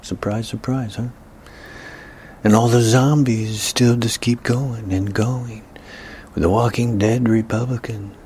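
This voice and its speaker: A man giving a ranting political commentary, emphatic, often dropping into breathy whispered asides. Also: mid-range voice, steady tone, unhurried, a little mellow, slight background noise.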